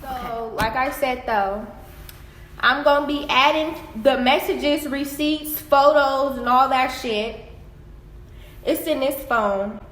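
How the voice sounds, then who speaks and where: A young woman vlogger telling her story on a phone camera in a blunt, profane, animated way. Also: high-pitched, takes it slowly, reverberant. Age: young adult. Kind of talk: casual storytelling vlog.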